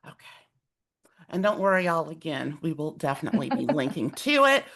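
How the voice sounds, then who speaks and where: A woman hosting a webinar in a casual, animated way, telling a personal story with lots of fillers. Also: deep voice, fairly quick. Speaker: host.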